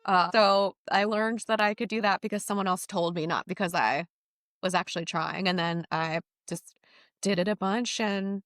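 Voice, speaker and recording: A young woman, a content creator and voice actor, chatting in a casual interview, lively and laughing often as she slips into playful voices. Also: medium pitch, moderate pace, no room sound, clean studio sound.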